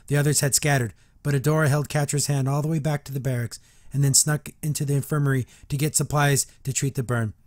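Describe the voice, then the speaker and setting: A man's voice: mid-range voice, darkish tone, dry recording, studio quality. A male podcast host reading a book aloud and reviewing it in a chatty, rambling way, restarting often.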